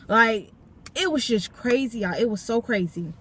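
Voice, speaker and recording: A young woman vlogging from her parked car, her voice sitting a little higher than most. She tells her story with emphasis and keeps speaking straight to her viewers as she goes. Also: animated, normal speed, fairly bright tone, slight background noise. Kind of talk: storytime vlog.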